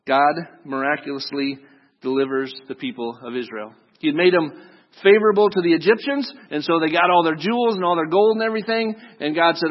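A man's voice: fairly high pitch, fairly even intonation, a little fast. A male preacher retelling a story in a sermon, conversational and joking, with asides to his listeners. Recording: dull lo-fi recording.

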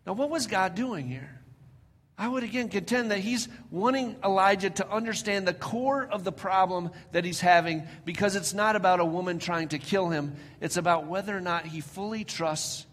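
A man preaching a sermon, his delivery swinging between loud emphatic peaks and soft, almost whispered drops, slowing down when he reads scripture. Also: sits high. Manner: slows down for scripture reading. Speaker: pastor. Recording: long hall reverb.

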